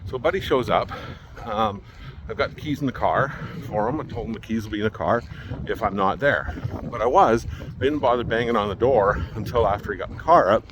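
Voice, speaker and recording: A man's voice: lowish voice, a little fast, noisy background. A man telling a long story in a rambling, exasperated way and acting out what other people said. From Manitoba, Canada. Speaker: vlogger. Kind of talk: casual storytelling.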